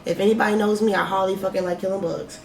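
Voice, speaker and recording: A woman tells a personal storytime in a vlog, cursing freely and shifting between loud outbursts and low, slow reflection. Her voice sits in an echoey room. A faint background hiss runs underneath. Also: steady tone, gravelly. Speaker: vlogger. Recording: roomy echo, faint background noise.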